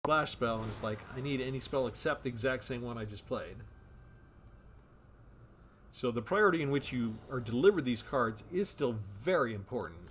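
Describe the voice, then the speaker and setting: A man's voice: mid-range voice, animated, moderate pace, a bit bright, slight background noise. Chatty man narrating his card game. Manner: chatty, thinks aloud while playing. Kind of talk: casual gameplay commentary.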